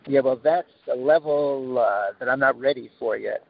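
A man's voice: mid-range voice, normal speed, gravelly, no room sound. A man giving an informal spiritual talk as a support mentor, rambling with fillers and acting out the people he quotes with dramatic flair. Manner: rambling with many fillers and restarts. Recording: tinny phone-like line.

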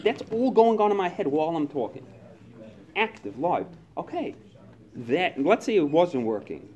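A man speaking to a recovery group, animated, acting out his own inner voice and past phone calls. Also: on the high side, normal speed, lo-fi sound.

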